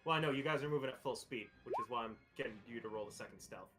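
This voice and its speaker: A man's voice: medium pitch, racing, music in the background. A man narrating as game master, explaining rules with lots of fillers.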